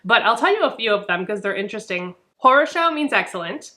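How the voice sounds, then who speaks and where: Young adult woman, bright voice, chatty, animated, casual book vlog, lots of fillers. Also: mid-range voice, fast talker. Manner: chatty, animated, frequent "like" and "really". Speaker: book reviewer.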